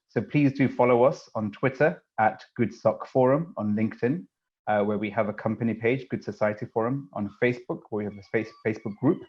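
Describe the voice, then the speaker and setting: Guy hosting a zoom webinar, lots of uhs, reading out names, kinda dull audio. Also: fairly low pitch. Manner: chatty, warm greetings with frequent fillers and restarts. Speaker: webinar host. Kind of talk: casual live webinar hosting. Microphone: video call.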